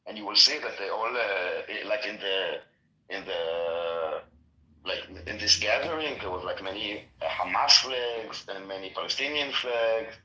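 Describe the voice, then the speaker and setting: Male podcast guest, earnest and halting, bright edgy tone, roomy echo. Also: lowish voice. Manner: earnest, halting with many restarts. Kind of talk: casual political discussion.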